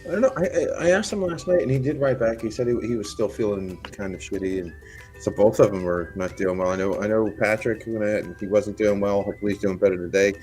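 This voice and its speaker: A man with a lowish voice hosts a casual livestream chat. He swears freely, cracks jokes and trips over his own restarts as he talks. He sounds loose and conversational. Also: fast, a little mellow, soft background music. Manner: profane, joking, stumbling restarts. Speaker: livestream host.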